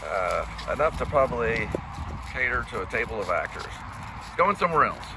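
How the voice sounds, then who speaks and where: A man's voice: mid-range voice, sing-song, brisk, gravelly. A man, vlogging casually while driving, talking in a rambling, folksy, self-deprecating way. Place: in a car on city streets. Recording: road and traffic noise.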